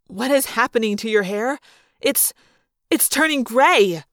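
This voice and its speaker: A woman voicing a haughty female makeup artist in an audiobook, with a lower, disdainful tone. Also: animated, measured pace, fairly bright tone, no room sound, clean studio sound. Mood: alarmed.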